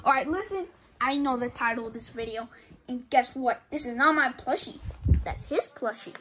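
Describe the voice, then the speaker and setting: A woman's voice: sits high, moderate pace, noisy background, close to an everyday voice. A woman voicing a chatty animatronic bear plushie in a plushie video role-play, rambling and easily distracted.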